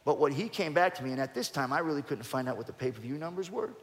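A man in his fifties, a former fighter guest in an interview, telling a story in a lively way, often restarting his sentences and rising in pitch and loudness when he gets excited. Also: quick pace. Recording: long hall reverb.

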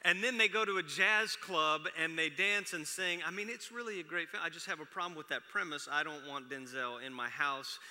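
The pastor's voice is on the high side with a sharp tone, moving fairly quickly with few pauses. A man in his forties, he preaches by telling chatty, self-deprecating anecdotes about his family, and the large hall adds long reverb.

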